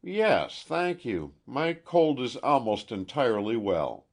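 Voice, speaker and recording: A nervous, secretive young woman, voiced by a male audiobook reader who stammers and trembles as she speaks. Her voice sits well above his own and keeps a husky edge. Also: mid-range voice, big pitch swings, voice pushed up, full character voice. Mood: polite. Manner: halting, tremulous, stammering. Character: frightened secretive young woman art student.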